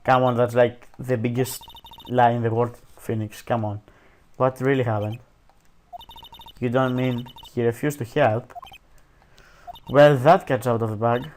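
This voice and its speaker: A man's voice: medium pitch, steady tone, measured pace, pauses often, a little mellow, a little hiss or hum. A man reading a courtroom video game's dialogue aloud, casual and self-mocking, peppering it with "dude" and "like". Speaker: let's play commentator. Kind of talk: reading game dialogue aloud with jokey asides.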